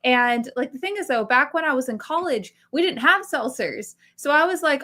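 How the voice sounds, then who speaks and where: A young woman co-hosting a podcast, telling a story in an animated, casual way with lots of fillers and swearing. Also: a little high, moderate pace, hardly any pauses. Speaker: podcast co-host.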